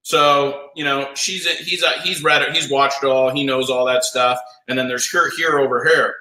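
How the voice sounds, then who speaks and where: A man coaching a live audience in a blunt, profane, rapid-fire pep talk. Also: medium pitch, fairly even intonation, bright, forceful tone. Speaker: sales coach. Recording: roomy echo.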